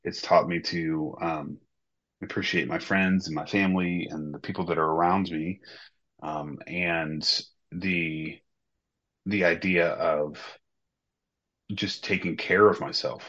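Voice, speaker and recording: A man speaks in a very deep, low voice, slow to find his words and leaning on fillers. The sound is dull and muffled, like a lo-fi remote recording. He talks casually as a podcast co-host. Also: fairly even intonation, fairly bright tone. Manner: hesitant, many pauses and fillers. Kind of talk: casual personal talk.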